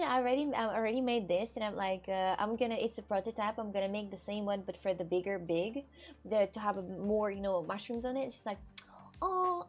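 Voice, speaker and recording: A woman's voice: mid-range voice, darkish tone. A woman from Russia with a Russian accent, rambling chattily in loose non-native English on a casual livestream with viewers. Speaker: streamer.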